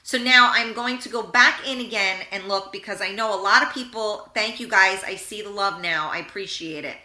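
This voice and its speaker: A woman's voice: mid-range voice, normal speed, reverberant. A woman hosting a live internet radio show, talking frankly and with animation about positive thinking and reading out listener comments. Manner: frank, animated, acts out little scenes. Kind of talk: live motivational talk, reading viewer comments.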